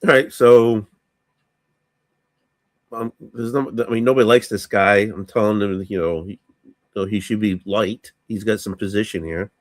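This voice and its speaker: A hoarse man playing a tabletop game, hesitant and thinking aloud with many ums. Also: fairly low pitch, steady tone, measured pace, long pauses, dry recording. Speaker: player.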